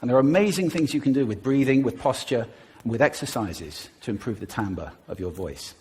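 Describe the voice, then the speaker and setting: A man giving a stage talk in an animated way, demonstrating voice techniques as he speaks. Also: medium pitch, a little fast, slightly rough. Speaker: public speaker.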